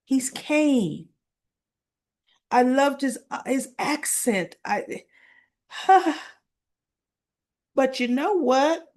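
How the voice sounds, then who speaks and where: For her channel, a woman recaps soap opera episodes in a chatty, leisurely way, full of asides and fillers. Her high voice is expressive and a little mellow, and she speaks very slowly with long pauses.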